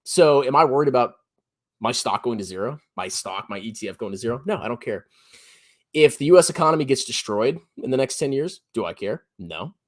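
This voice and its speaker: Blunt, lively finance guy in his thirties. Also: fairly quick. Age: 30s. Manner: blunt, sarcastic, jumps to high mocking pitch. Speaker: personal finance YouTuber. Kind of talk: animated solo commentary.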